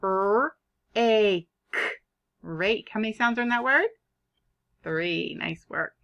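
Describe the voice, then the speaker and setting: Slow, animated kindergarten teacher woman. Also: medium pitch, vocal fry, dull audio. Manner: animated, drawn-out teacher talk, sounding out words. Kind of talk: online phonics lesson for young children.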